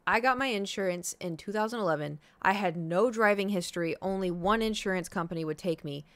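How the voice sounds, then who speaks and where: A woman in her thirties chatting with her stream viewers, telling a rambling story in a casual, profane way. She keeps acting out her own reactions as she goes, at a middle pitch for a woman. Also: fairly quick, no room sound. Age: 30s. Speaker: livestreamer.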